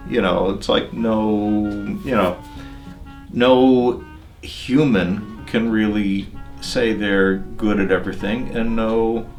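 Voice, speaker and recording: An older man talking about records and turntables in a relaxed, digressive interview, with many pauses and fillers. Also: mid-range voice. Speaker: audio magazine editor.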